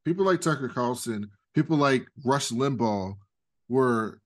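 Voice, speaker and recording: Relaxed man co-host, mid-pitched voice. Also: measured pace. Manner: relaxed, hedging with frequent fillers. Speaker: podcast co-host. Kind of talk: casual chat.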